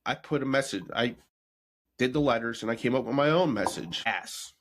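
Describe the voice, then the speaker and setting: A man's voice: medium pitch, normal speed. Blunt, mocking male podcast co-host. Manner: blunt, mocking, animated rants. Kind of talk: casual chat.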